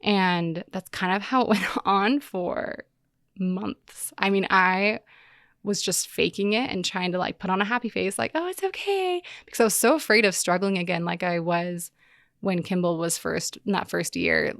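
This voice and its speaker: A woman in her thirties who hosts a podcast, telling a personal story candidly in a halting way with many fillers. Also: on the low side, steady tone, vocal fry, fairly bright tone, dry recording, clean studio sound. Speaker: podcast host.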